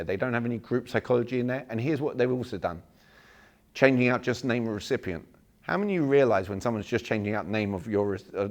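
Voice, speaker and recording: Male speaker, 40s, gravelly edge, animated seminar delivery acting out example lines. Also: lowish voice. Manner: animated, acts out sample messages, jokes with the room. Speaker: workshop speaker. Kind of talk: live seminar talk to an audience.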